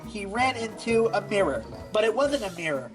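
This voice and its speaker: A woman reads a fan-written story aloud at a steady narrating pace. Her voice sits at a middling pitch, with faint music playing underneath. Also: moderate pace, poor audio. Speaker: fanfiction reader. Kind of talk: reading a fanfic aloud.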